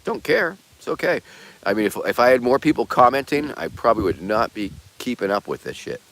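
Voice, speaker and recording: A man's voice: lowish voice, sing-song, fast, fairly bright tone. A man hosting a casual livestream who rambles in a laid-back way and swears casually. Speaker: streamer host.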